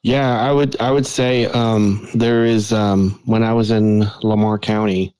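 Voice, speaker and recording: A low-voiced man chats as a podcast guest, loose and rambling as he works his way through a point. The sound is dry and close. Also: level tone, measured pace, mellow, clean tone, no room sound, poor audio. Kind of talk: casual podcast chat.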